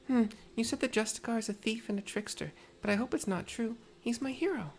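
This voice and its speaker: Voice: mid-range voice, fairly quick, a little hiss or hum, voice pushed up, close to an everyday voice. A gamer voicing a little girl who worships a local hero, pleading and childlike. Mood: apologetic. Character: small anxious girl who idolizes a hero.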